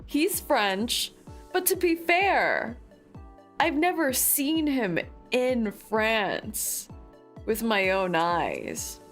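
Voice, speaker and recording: Fields: Sex: woman. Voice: high, animated. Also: drawn-out words, faint music behind. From United States. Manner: giggly, animated, chatting to viewers. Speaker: streamer. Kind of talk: casual livestream chat.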